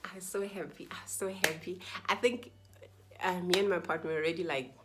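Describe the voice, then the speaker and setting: A young woman vlogger telling a personal story to camera in a casual, animated way, acting out what people said and sometimes dropping to a whisper. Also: medium pitch, brisk, very noisy. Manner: animated, acts out quoted dialogue, drops to whispers.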